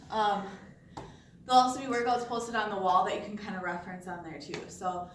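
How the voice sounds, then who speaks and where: This woman talks fairly quickly at medium pitch, her intonation fairly even, with a faint hiss or hum on the track. She's an office fitness instructor demonstrating resistance band exercises in a relaxed, talkative way, frequently saying "okay?" while slightly out of breath. The room echoes, and she sounds far away.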